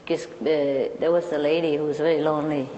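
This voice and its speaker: A woman's voice: sits low, level tone, brisk, mellow, big-room sound, muffled recording, slight background noise. A woman casually telling an anecdote in a chatty way, laughing often and restarting her phrases.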